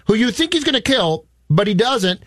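Male podcast co-host, high-pitched, animated storyteller, casual movie talk. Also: normal speed, no room sound, clean studio sound.

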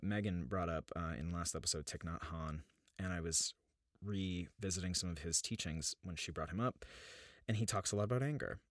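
Low-pitched and recorded dry in clean studio sound, this thirtysomething podcast host searches earnestly through thoughts on inner life. He frequently starts his sentences over in this reflective, spiritual talk.

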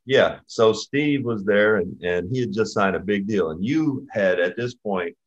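Low-voiced host with a muffled sound. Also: male voice, a little slow. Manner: relaxed, hesitant, with many fillers. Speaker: podcast host. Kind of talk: casual chat.

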